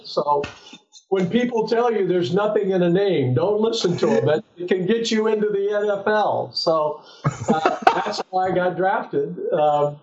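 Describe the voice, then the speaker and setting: An older man from Southern California, a former pro football player, telling lively anecdotes as an interview guest, often restarting his sentences. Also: high-pitched, measured pace. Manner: animated anecdotes with frequent restarts. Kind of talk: relaxed storytelling in an interview. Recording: echoey, slightly dull sound.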